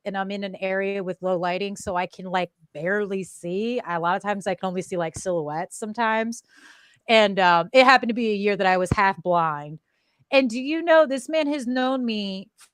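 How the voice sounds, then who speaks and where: A woman in casual podcast chat, telling stories with lots of energy and laughter. She acts out each person in the story, and her voice sits a bit high. The sound is close and dry. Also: clean tone, no echo. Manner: animated storyteller who acts out quotes and laughs often.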